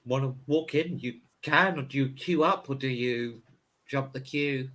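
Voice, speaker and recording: A man's voice: medium pitch, unhurried, fairly bright tone, slight background noise. A man narrating as game master of a tabletop game, in a hesitant, casual way.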